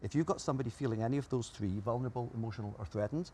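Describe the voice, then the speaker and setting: A man's voice: medium pitch, racing, a little mellow, a little hiss or hum. A man being interviewed as an expert, explaining ideas emphatically and listing his points one by one. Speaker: guest expert. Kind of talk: interview answers.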